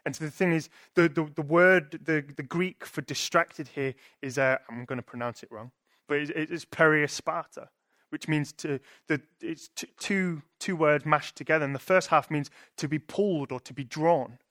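A man's voice: a little high, normal speed, a bit bright, no echo, studio quality. Young man preaching conversationally. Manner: conversational, thinking aloud with frequent restarts and rhetorical "right?". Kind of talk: sermon.

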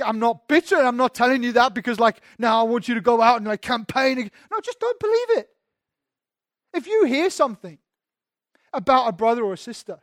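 A man's voice: extremely high pitch, fairly bright tone, no room sound, clean studio sound. A man, a pastor, preaching a sermon conversationally and emphatically, often repeating words as he goes.

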